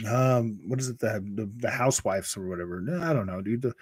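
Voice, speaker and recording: A man's voice: medium pitch, normal speed, breathy edge, dry recording. Chatty young man, dry close mic. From Utah. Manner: rambling, laughs often, says dude and bro a lot. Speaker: gaming channel host reading live chat. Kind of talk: casual livestream chat.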